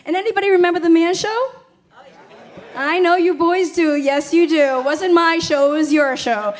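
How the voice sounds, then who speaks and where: Woman, forties, high-pitched, stand-up comedy, brash, foul-mouthed, blunt. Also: moderate pace, some chatter behind.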